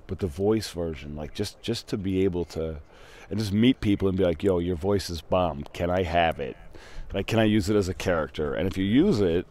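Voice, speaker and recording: Low-pitched and a little mellow, this young man talks briskly in a casual voice chat from his computer. He rambles, swears freely and keeps getting sidetracked.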